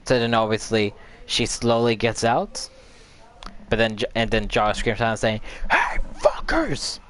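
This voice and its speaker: A man's voice: fairly low pitch, flat delivery, a little slow, a bit bright, clean tone. A man host casually recapping a video game story, rambling and repeating filler words as he recalls events. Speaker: gaming channel host.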